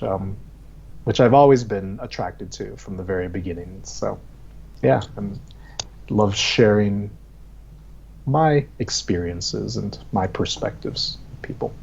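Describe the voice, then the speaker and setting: A man from the US, a guest instructor, speaking in a thoughtful, measured way with many fillers on a video call. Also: on the low side, gravelly, darkish tone, dull audio. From USA. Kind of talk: casual video call interview.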